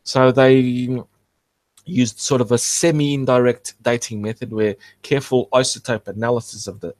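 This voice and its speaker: A man hosting an archaeology channel, talking through fossil features in a rambling, halting, self-correcting way. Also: mid-range voice, steady tone, darkish tone, dry recording. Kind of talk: casual explanatory commentary.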